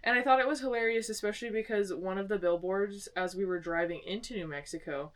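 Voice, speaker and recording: A woman's voice: medium pitch, fast, recorded from a distance. A young woman from Arizona, co-hosting a podcast, telling stories in casual chat and acting out the quotes. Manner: storytelling, acting out quotes in lively voices. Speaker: podcast co-host. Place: small home studio.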